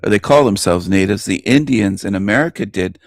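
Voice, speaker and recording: A man's voice: fairly low pitch, expressive, a little fast, dry recording, studio quality. A man hosting a radio show, delivering an opinionated monologue with emphatic repetition and frequent chuckles. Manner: emphatic, repeats himself, chuckles between lines.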